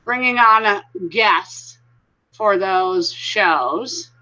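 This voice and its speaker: A woman's voice: mid-range voice, extremely slow, pushed and bright. A woman hosting a casual live stream, chatting with viewers and greeting them by name. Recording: dull lo-fi sound.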